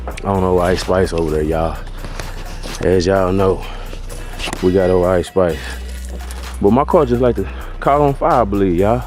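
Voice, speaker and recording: A man with a low, mellow voice talks casually into a phone camera outdoors, slangy and a bit winded, ending nearly every phrase with "man" or "y'all". Faint music plays underneath. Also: moderate pace, long pauses. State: out of breath. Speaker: car audio vlogger. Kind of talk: casual vlog talk. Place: outdoors by cars in a front yard.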